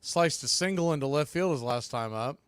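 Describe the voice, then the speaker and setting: A man doing casual live baseball play-by-play on a watch-party stream, chatting between pitches and often repeating words as he explains. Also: moderate pace, clean tone, no room sound. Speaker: play-by-play announcer.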